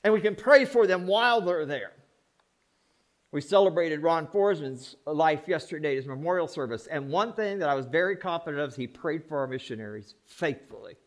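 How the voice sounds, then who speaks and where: A man's voice: on the high side, lively intonation, brisk. A man preaching a sermon as pastor, folksy and plain-spoken. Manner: folksy, plain-spoken, mock voices for effect.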